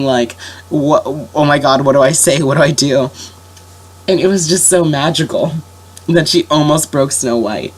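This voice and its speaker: A woman's voice: low-pitched, slightly rough. A young woman with a sick voice telling a story in a rambling, casual way, full of fillers and restarts. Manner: rambling, lots of fillers and self-corrections. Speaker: vlogger.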